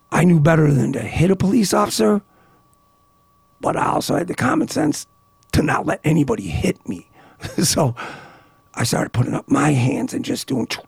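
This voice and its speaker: Gravelly, raspy man telling stories. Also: fairly high pitch, dry recording. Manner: animated, laughing, many restarts. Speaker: guest, author. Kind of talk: casual storytelling.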